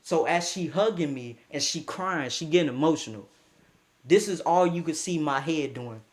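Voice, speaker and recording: A young man casually telling a story, animated, slangy and breaking into laughing asides. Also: a little high, normal speed.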